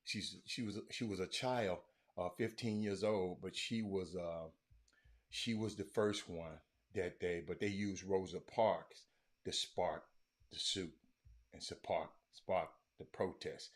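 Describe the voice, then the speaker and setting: This sports talk host speaks slowly in a low voice, his intonation fairly even. He chats loosely on a live stream from a room at home and addresses viewers by name.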